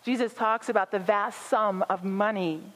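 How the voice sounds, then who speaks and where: A woman pastor preaches a sermon with earnest conviction, leaning on repeated phrases to drive her points home. Her voice sits at an everyday pitch and carries a long reverb from the church hall around her. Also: fairly even intonation, normal speed, fairly bright tone. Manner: earnest, building repetition for emphasis.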